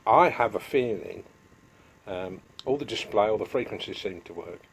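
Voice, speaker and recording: A man's voice: fairly low pitch, lively intonation, moderate pace, a little hiss or hum. A middle-aged man, chatting casually in a home workshop vlog and going off on homely asides. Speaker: DIY vlogger.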